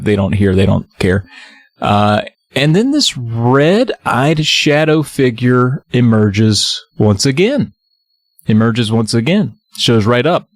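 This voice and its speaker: A man's voice: mid-range voice, no echo. A man with a mid-range voice chats in an easygoing, wry way and drops in short dry quips. The recording is close and dead, with no room sound around him. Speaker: podcast co-host. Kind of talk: casual chat.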